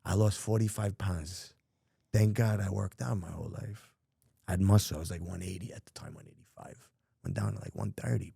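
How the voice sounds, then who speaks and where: A man's voice: low voice, vocal fry, warm tone, slightly rough, no echo, studio quality. A middle-aged man, a podcast guest telling his life story in blunt, profane street talk. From New York. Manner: profane, street-talking, emphatic. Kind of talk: candid storytelling.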